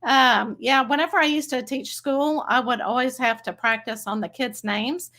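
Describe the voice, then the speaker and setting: A bubbly woman with a Texas accent chats casually to her livestream audience. Her voice sits a little high. She talks in a friendly, rambling way and laughs easily. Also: moderate pace, pushed and bright. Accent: Texan. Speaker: psychic medium livestream host.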